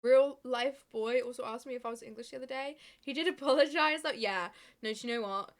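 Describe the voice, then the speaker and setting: A woman's voice: a little high, a little fast. A young woman chatting casually to viewers on a live stream, swearing freely and laughing often.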